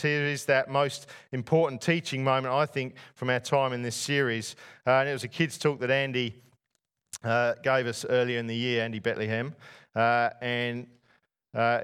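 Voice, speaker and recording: A man's voice: mid-range voice, fairly bright tone, smooth. A man preaching a sermon to a church congregation, putting rhetorical questions to his listeners. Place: church before a masked congregation.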